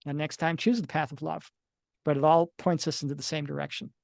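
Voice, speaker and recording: Speaking a little fast in a fairly high, flat, creaky voice, this middle-aged man analyzes and writes about near-death experiences. The studio-quality recording has no echo, and his earnest interview explanations occasionally include acted-out bits of dialogue.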